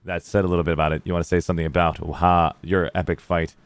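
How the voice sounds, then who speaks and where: A man's voice: sits low, flat delivery, quick pace, smooth, dry recording. A man hosting a game tournament stream, chatting casually and rambling with fillers. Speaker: stream host.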